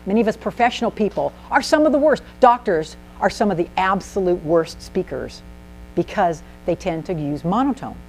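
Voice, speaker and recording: A woman giving an animated, emphatic presentation to a small group in a meeting room, asking the audience questions as she teaches. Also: mid-range voice, normal speed, faint music behind, rough recording. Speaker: speaker at a speaking club. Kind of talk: instructive presentation.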